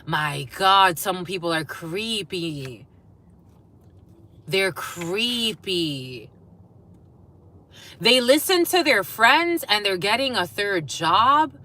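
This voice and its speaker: A woman's voice: medium pitch, sing-song, very slow, pauses often, pushed and bright. A woman giving a collective spiritual reading to camera, blunt and profane, breaking off with laughs as messages come in. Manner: blunt, swearing, laughing asides. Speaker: tarot reader.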